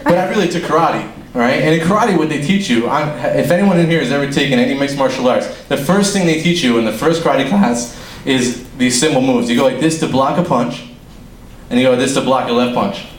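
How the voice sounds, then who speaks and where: A man's voice: medium pitch, fairly quick, a little hiss or hum. Rambling young man doing stand-up, echoey room. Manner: rambling, swears a lot, laughs at own jokes. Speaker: stand-up comic. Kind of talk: amateur stand-up set. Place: small room with an audience. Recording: echoey room, faint ambience.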